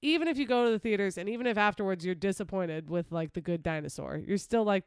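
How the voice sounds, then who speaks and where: A woman's voice: mid-range voice, quick pace, clean tone, no room sound, studio quality. A woman co-hosting a podcast in casual, emphatic chat, laughing often. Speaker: podcast co-host.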